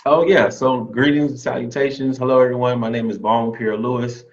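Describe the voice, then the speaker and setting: Animated man telling his hiring story. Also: medium pitch, fairly quick. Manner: animated, quotes others in lively re-enactments. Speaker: new teacher hire. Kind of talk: casual interview, storytelling. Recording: dull lo-fi sound.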